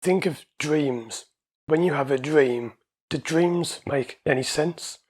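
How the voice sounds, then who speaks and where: A man's voice: a little high, slow pace, breathy edge. A man, an anxiety coach and hypnotherapist, explaining his ideas in a casual, conversational way and repeating his points.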